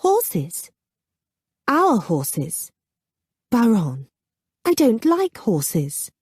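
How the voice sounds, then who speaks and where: A woman's voice: wildly swooping pitch, drawn-out words, slightly rough, no echo, clean studio sound, heavily acted. Woman voicing a prickly young English lady. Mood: insistent. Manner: high, insistent, emphatic. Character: young English banker's daughter, blunt, prickly.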